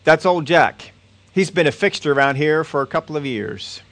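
A friendly street cop who is firm but kind and polite to the lady, voiced by a male preacher reading aloud. He sounds plain and steady. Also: on the high side, moderate pace. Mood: firm courteous.

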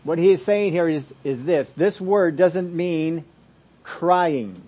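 Man, pastor, expository sermon, fairly high voice, loud stresses and quiet asides. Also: lively intonation, slow, husky. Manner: expository preaching, swings from loud emphasis to soft asides.

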